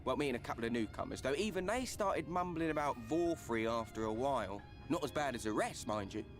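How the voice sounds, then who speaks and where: A man's voice: medium pitch, lively intonation, brisk, faint music behind, natural voice. An actor playing a streetwise male informant with a Cockney accent, chatty and full of slang. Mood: wry.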